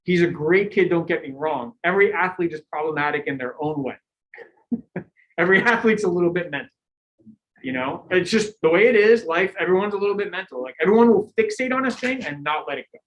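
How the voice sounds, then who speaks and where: A middle-aged man, a cycling coach, giving a lecture full of animated stories and acted-out quotes, laughing now and then. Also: sits high, brisk, rough recording. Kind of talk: lecture with anecdotes.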